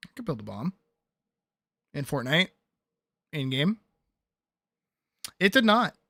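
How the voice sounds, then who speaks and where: A man chatting casually on a game stream, relaxed and talkative, answering chat and laughing often. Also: on the high side, slow, vocal fry, no echo, clean studio sound.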